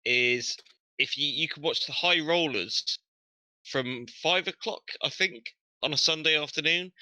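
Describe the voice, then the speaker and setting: Very bright, dry-sounding halting man. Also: a little high, no echo. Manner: halting, repeats words. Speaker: player on the stream. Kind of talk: casual chat after a tabletop game stream.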